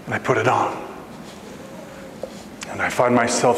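Man preaching a story sermon, lively up-and-down voice, slightly high, long church reverb, faint room noise. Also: measured pace, long pauses. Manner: animated, acts out voices with big pitch jumps. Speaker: guest preacher. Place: church sanctuary.

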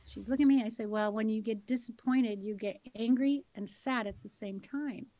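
A woman's voice: a little high, normal speed, warm tone, no echo, low-quality recording. A woman co-hosting a casual heart-to-heart chat, telling stories with emphatic, repeated key words. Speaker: co-host.

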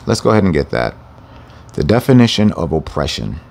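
A man's voice: extremely low pitch, sing-song, brisk, creaky, a little mellow. A man teaching a scripture lesson, speaking emphatically, repeating phrases for stress and addressing his listeners as family. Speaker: Bible teacher.

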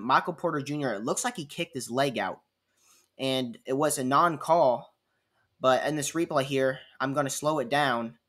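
A man's voice: mid-range voice, a bit bright. Man casually breaking down game clips. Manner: chatty, repeats himself while replaying clips. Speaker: sports commentator.

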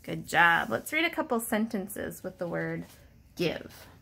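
A woman teacher giving a patient, encouraging reading lesson, sounding out letters slowly for young children. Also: fairly low pitch, big pitch swings, vocal fry, bright, forceful tone, slight background noise. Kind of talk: slow, clear early-reading lesson.

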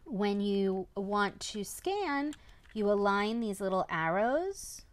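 A mother talks through a toy review in an easy, unhurried way at a middle pitch. She is chatty and keeps checking in with the listener with a quick "right?". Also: sing-song, crowd noise. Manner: chatty, often adds a questioning "right?". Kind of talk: casual product review.

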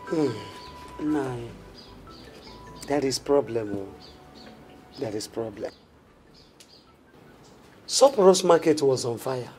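A woman's voice: extremely low pitch, expressive, slow, pauses often, mellow, soft background music, heavily acted. An actress with a Nigerian accent playing a middle-aged wife in a film drama who scolds her husband indignantly. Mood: worried. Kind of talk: Nollywood film acting.

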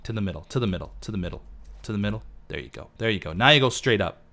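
Guy with a lowish voice rambling to himself while playing a building game, kinda losing his voice. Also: animated, racing, pushed and bright. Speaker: let's play host. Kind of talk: casual gameplay commentary.

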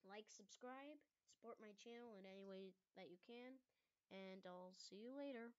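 A woman reading a graphic novel aloud in a lively way, giving the characters voices and shouting the sound effects. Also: mid-range voice, normal speed, clear, resonant tone, dull audio.

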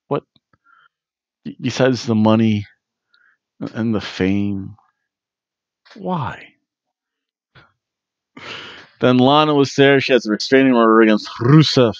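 A man's voice: mid-range voice, no room sound, dull audio. A man hosting a wrestling review podcast, talking casually and jokily, with plenty of fillers and restarts. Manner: rambling and jokey, with many fillers and restarts.

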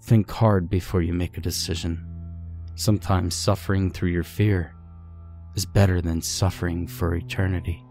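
A man's voice: flat delivery, moderate pace, darkish tone, faint music behind. A man voicing a sad, resigned ghost woman who speaks in a tired, heavy way. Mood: weary. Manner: tired, heavy, low-voiced.

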